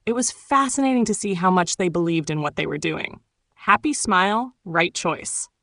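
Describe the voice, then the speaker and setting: Calm woman narrating memoir. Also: lowish voice, normal speed, dry recording, studio quality. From Turkey. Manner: calm, reflective storytelling. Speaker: author narrating her own audiobook.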